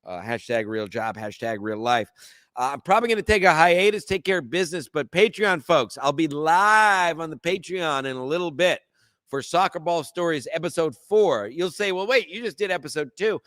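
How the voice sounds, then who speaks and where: A man's voice: fairly high pitch, lively intonation, normal speed, a bit bright, no room sound. A young man hosting a sports podcast, brash and profane, rambling through his picks in casual talk.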